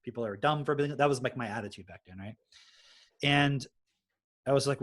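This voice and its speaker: A man's voice: mid-range voice, a little fast. A man, a podcast host telling his story in casual chat and swearing freely. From Texas. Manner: swears freely, animated retelling.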